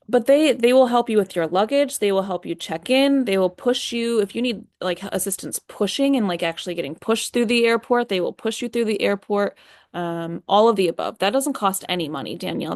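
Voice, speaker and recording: A woman's voice: medium pitch, no room sound, clean studio sound. A young woman hosting a live chat, answering viewer questions in a friendly, reassuring way with lots of fillers.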